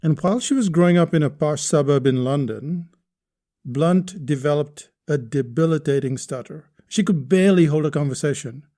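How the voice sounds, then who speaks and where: A man's voice: fairly high pitch, moderate pace, dark tone. A man hosting a podcast lesson on writing, explaining step by step and posing rhetorical questions to the listener. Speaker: podcast host teaching writing.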